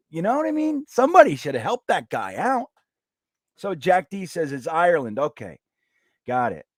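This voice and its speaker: Animated chatty man hosting a live stream. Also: on the high side, dry recording, studio quality. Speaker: host of a live watch party stream. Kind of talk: casual live-stream chat reading viewer comments.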